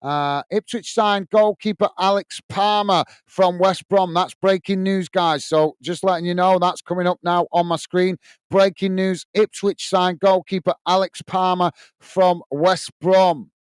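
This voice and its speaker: A man's voice: sits high, steady tone, a little slow, clean tone, no room sound. A British man hosting a casual football fan livestream, chatting with viewers and reading their comments, with lots of fillers and restarts. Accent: British English. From United Kingdom.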